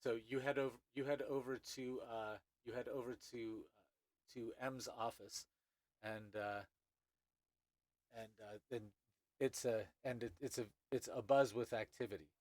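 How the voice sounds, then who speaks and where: A man's voice: mid-range voice, fairly even intonation, a little mellow, no echo. Male game master, hesitant narration, dry mic, medium voice. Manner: halting, many restarts and fillers.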